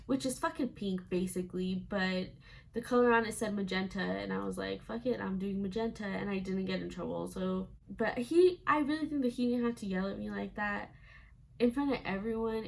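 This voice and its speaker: A woman's voice: mid-range voice, gravelly. A young woman vlogger telling a casual storytime, chatty and full of "like" fillers, acting out quoted lines.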